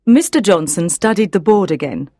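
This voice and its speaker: Woman reading an audiobook, low voice. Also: expressive, normal speed, dark tone, no echo, studio quality. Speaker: narrator. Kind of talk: scripted audiobook narration.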